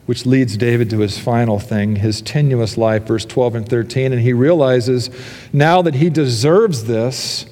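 A man's voice: medium pitch, normal speed. Earnest male pastor preaching in a reverberant hall. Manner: earnest, rising to fervent emphasis and dropping to soft pleas. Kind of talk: sermon.

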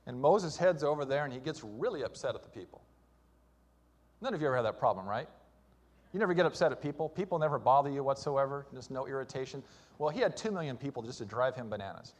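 A male pastor preaching a sermon, with loud emphatic stretches and quieter hushed lines. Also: on the high side, expressive, a little fast.

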